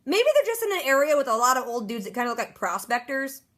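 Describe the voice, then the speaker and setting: A woman recapping a TV episode in a rapid, chatty way, dropping sarcastic asides. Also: high-pitched, very animated, a bit bright. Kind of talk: casual fast-paced episode recap.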